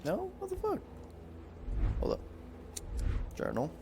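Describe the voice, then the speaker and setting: A man's voice: very high voice, wildly swooping pitch, slow, gravelly, background noise. A man giving casual let's play commentary on a horror game, joking, swearing and reacting jumpily.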